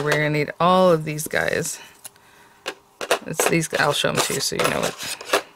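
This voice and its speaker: A woman's voice: sits low, fairly bright tone, a little hiss or hum. A woman hosting a casual papercraft tutorial, chatty and thinking aloud with many ums as she works. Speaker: papercraft channel host.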